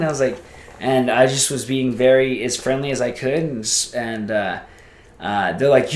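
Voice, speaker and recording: A man telling a casual story as a podcast guest, rambling and animated, acting out the voices of people he quotes. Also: medium pitch, moderate pace, reverberant.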